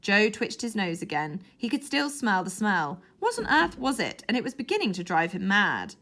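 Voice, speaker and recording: A woman narrating a children's storybook with an expressive, animated delivery. Her voice is bright and lively, rising and falling freely. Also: mid-range voice, normal speed, few pauses. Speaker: audiobook narrator.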